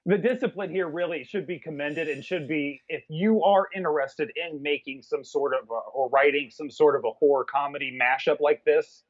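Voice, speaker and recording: A man co-hosting a film review podcast in a blunt, profane, joking way. His voice is somewhat high and husky. The audio is a little dull, with faint music underneath. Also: normal speed, hardly any pauses. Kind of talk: casual chat.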